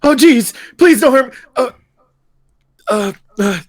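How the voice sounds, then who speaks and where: A man's voice: medium pitch, very animated, moderate pace. A man voicing a nervous, flustered young man who stammers as he talks to an old friend. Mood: startled.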